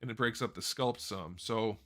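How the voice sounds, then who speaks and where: A man's voice: fairly low pitch, normal speed, a bit bright. A man hosting a casual live question-and-answer stream, talking into a desk microphone in a rambling, self-correcting way. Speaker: host answering viewer questions. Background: faint background music.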